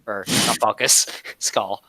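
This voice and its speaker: A man's voice: lowish voice, fairly even intonation, slow pace, bright, forceful tone, no room sound. Man, tabletop player, laid-back, chuckling, dry mic. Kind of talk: casual tabletop play.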